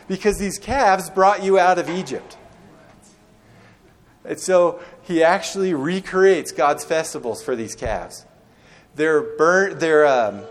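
A young man preaching a sermon, telling stories conversationally and acting out quoted lines, sometimes restarting words. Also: mid-range voice. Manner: storytelling with acted-out quotes. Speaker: pastor.

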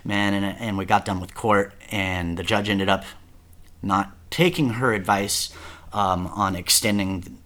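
Guy with a real deep voice, cussing, rambling, lots of "dude". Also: fairly even intonation, a little slow, fairly bright tone. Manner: profane, rambling, repeats words and says "dude" often. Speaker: guest telling his life story. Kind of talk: casual confessional storytelling.

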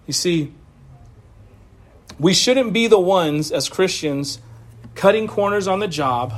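A man preaching a sermon in a loose, conversational way, with asides and laughs, over a video call. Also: high-pitched. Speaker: pastor.

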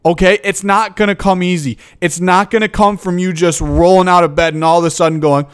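A man's voice: high-pitched, expressive, brisk, hardly any pauses, fairly bright tone, clear, resonant tone. A young man, a football coach, hosting a motivational podcast and delivering a fired-up rant that keeps checking in with "okay?". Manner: fired up, emphatic, repeats "okay?".

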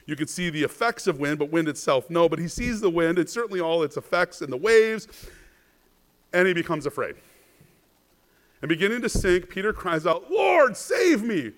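A man preaching a sermon as a pastor, asking rhetorical questions, often adding "right?", and swinging between hushed and louder passages. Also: fairly high pitch, expressive, normal speed. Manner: rhetorical questions, frequent "right?", stammered repeats.

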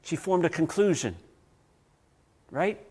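A man preaching a sermon as pastor. He tells stories, swinging between loud passages and hushed ones. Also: on the high side, expressive, takes it slowly, slightly rough.

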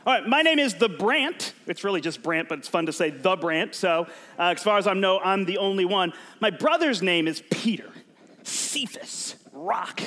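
A high-voiced man with a bright, eager delivery gives a sermon to a live crowd, cracking jokes and pulling the room into games. He sounds like a youth pastor keeping everyone involved. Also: moderate pace. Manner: animated and joking, prompts the crowd to shout answers. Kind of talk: energetic sermon to a live audience.

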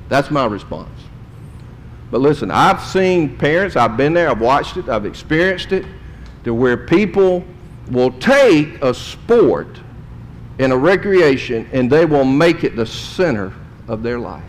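A man preaching a sermon, in folksy storytelling that swings between loud and quiet. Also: animated, measured pace. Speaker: pastor. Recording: long hall reverb, faint rumble.

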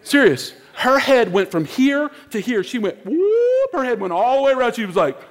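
A man preaches in an animated, high-pitched voice that leaps up and down as he acts out the voices in his story. His words ring out with a long reverb, as in a large church hall. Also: normal speed.

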